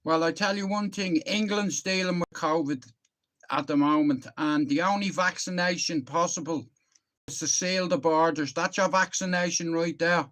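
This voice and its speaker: A man's voice: fairly high pitch, steady tone, normal speed, fairly bright tone. A middle-aged man with a Northern Irish accent ranting on his live stream, rambling, heated and swearing often into a phone. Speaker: livestreamer.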